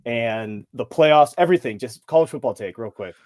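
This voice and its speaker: A young man co-hosting a casual sports podcast, agreeing quickly and talking in halting phrases. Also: mid-range voice, darkish tone, no room sound, studio quality. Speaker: podcast co-host.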